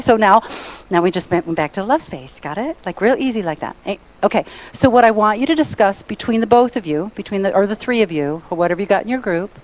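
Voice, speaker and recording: A middle-aged woman giving an energetic, playful motivational seminar talk, bossing a conference audience into call-and-response. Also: medium pitch. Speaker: motivational speaker. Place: conference hall.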